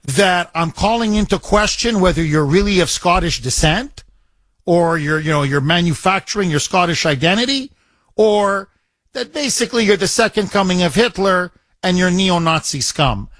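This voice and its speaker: A man hosting a call-in talk radio show from the studio, his voice sitting a little high. He talks emphatically, hammering points with repeated lines and rhetorical questions. The sound is close and dry. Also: expressive, moderate pace, fairly bright tone, dry recording. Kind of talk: talk radio, taking calls.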